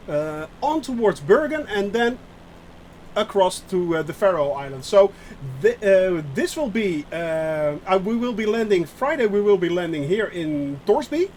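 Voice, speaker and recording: A man's voice: high voice, a little mellow, a little hiss or hum, poor audio. A man live-streaming a flight simulator game, rambling to his chat with many fillers and restarts and mocking himself. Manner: rambling, self-mocking, answers chat aloud.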